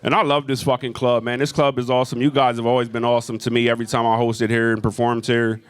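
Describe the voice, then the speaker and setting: Profane stand-up comic working a club crowd. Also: male voice, mid-range voice, fast talker, clean tone, no room sound. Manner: profane, animated storytelling with crowd work. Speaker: stand-up comedian. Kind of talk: stand-up comedy set. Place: comedy club stage.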